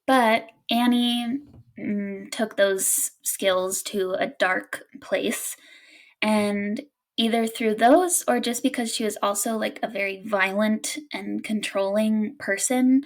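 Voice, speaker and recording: A woman's voice: mid-range voice, steady tone, slow, low-quality recording. A young woman co-hosting a casual podcast, telling a spooky story with frequent giggles. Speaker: podcast co-host.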